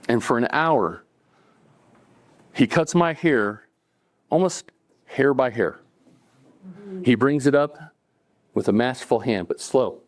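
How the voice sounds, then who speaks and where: A man's voice: medium pitch, darkish tone. Man telling a story live, conversational. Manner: conversational, acting out dialogue, chuckling between lines. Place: cafe event stage.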